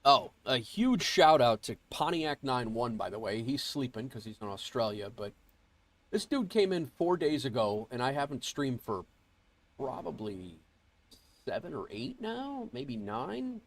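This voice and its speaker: Very animated yet measured in pace, a mid-range male voice chats casually with viewers while streaming a flight sim, greeting them as he goes. His cold makes him nasal and congested, and he rambles with fillers and restarts into an earbuds mic.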